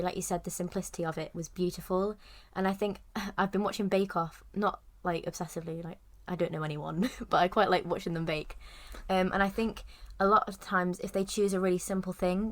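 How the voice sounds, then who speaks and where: A young woman co-hosting a podcast, chatting casually about a film with lots of "like" and "kind of" and frequent giggles. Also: lowish voice. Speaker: podcast co-host. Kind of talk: casual film review chat.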